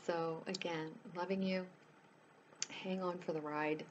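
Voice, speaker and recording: A woman coach with a lowish voice talks straight to her viewers, earnest and pleading. She fills her talk with "you know" as she goes. A faint hiss sits under the recording. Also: fairly even intonation, a little slow, muffled recording. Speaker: life coach. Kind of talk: casual direct-to-camera chat.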